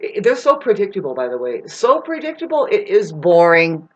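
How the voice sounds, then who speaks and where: A man's voice: high-pitched, huge pitch swings, moderate pace, muffled recording. Brief: male vlogger, rambling profane rant, loose and scattered delivery. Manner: rambling, swears a lot, jumps between topics, restarts.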